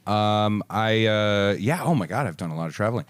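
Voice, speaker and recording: A man in his thirties co-hosting a podcast, chatting casually and rambling with lots of halting fillers. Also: fairly low pitch, expressive, clear, resonant tone, no echo. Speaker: podcast co-host and comedian. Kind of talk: casual chat.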